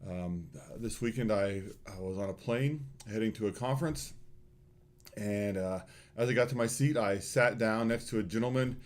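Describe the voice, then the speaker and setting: A man telling students a personal story in a morning school address, animated and full of fillers. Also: on the low side, normal speed.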